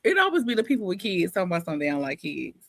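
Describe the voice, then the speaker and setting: A woman's voice: lowish voice, big pitch swings, very fast, a bit bright, slight background noise. A woman with a New York accent hosting a live book club interview, playful and teasing, full of slang. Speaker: host.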